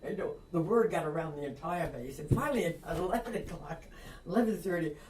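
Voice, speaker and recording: An older woman from Long Island, a retired reporter, telling a lively anecdote and acting out the voices of people in it. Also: fairly low pitch, fairly quick, noisy background. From Long Island, New York. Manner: lively, acts out quoted voices, laughs often. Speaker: interview guest, retired reporter. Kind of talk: anecdotal storytelling. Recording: roomy, distant mic.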